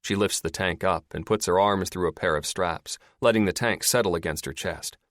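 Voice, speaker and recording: Expressive male audiobook narrator, low voice. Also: moderate pace, no echo, studio quality. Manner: expressive storytelling. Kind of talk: scripted narration.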